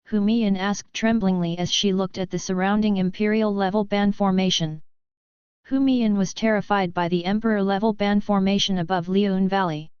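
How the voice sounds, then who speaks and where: A woman narrating an audiobook novel in an even, steady storytelling manner. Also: mid-range voice, smooth, dry recording. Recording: slightly dull lo-fi recording.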